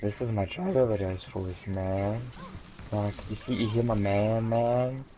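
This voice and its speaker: A man's voice: on the low side, warm tone, lightly acted. A teenage boy putting on a laid-back male stoner voice, drawling and ending lines with "man". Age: teens. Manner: slow drawl, tagging "man" on everything.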